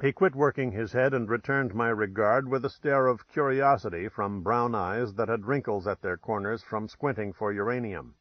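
A man's voice: fairly low pitch, normal speed, few pauses, no room sound, highs cut off. A man reading a first-person crime novel aloud in a dry, wry storytelling manner. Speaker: audiobook narrator. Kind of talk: scripted first-person narration.

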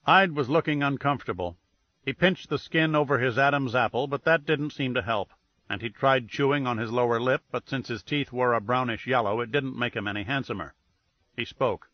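A man narrates a first-person detective story in a dry, wry tone, at a middle pitch. The recording is close and dry, and its sound is a little muffled. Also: moderate pace, dry recording. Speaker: audiobook narrator. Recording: dull dry audiobook recording.

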